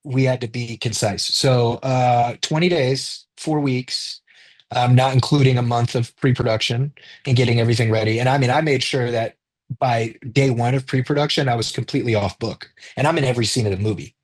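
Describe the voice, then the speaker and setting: A man in his thirties, the guest in an interview, spins an anecdote in a loose, casual way and swears freely. His voice has a husky, slightly rough grain, at an ordinary pitch for a man. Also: brisk. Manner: animated storyteller acting out quoted dialogue, swears freely. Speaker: interview guest, rapper and director.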